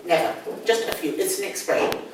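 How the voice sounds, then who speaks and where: An older woman with a London accent teaching English, explaining patiently and repeating key words. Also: brisk. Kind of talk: one-on-one language lesson. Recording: echoey room, distant mic, faint noise.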